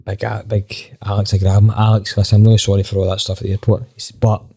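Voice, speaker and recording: A Scottish man, a band member on a podcast, telling a lively anecdote with plenty of swearing and acted-out dialogue. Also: on the low side, quick pace, husky. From Scotland. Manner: animated, swears freely, acts out quoted dialogue. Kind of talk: casual storytelling anecdote.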